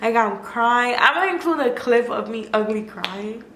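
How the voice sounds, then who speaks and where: A woman's voice: on the high side, lively intonation, normal speed. A young woman vlogger telling a personal story in a candid, casual way, with lots of "like" and cursing. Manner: candid and emotional, filler-heavy, swears freely. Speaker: food vlogger. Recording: echoey room with faint noise.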